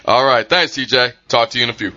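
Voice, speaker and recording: A man's voice: medium pitch, fast, sharp tone, dull audio. A man hosting a podcast, wrapping up a casual interview with a guest, enthusiastic and thankful. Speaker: podcast host.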